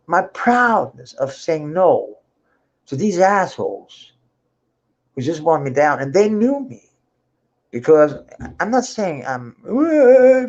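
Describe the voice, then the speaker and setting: A slightly high-voiced Danish man talks loosely in accented English about his music life during an impromptu livestream. He rambles, swears, laughs often, and keeps restarting, all with a lo-fi sound.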